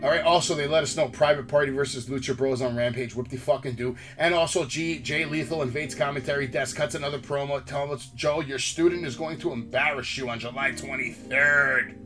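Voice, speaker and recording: A man's voice: medium pitch, fairly even intonation, brisk, few pauses, over music. A man hosting a wrestling podcast, ranting in heated, profane casual chat. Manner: brash, heated, swears constantly. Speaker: podcast host.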